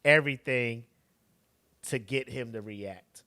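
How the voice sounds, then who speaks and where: A man's voice: mid-range voice, slow, sharp tone. Young guy cohost, jumps in, swears a bunch, regular mid voice. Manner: jumps in eagerly, swears a lot. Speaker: podcast co-host. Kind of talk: casual chat.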